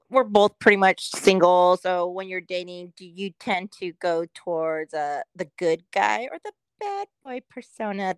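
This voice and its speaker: A woman's voice: mid-range voice, fairly bright tone, smooth, no room sound. A woman co-hosting a podcast in casual chat, reacting in a laid-back way with lots of laughter. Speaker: podcast co-host.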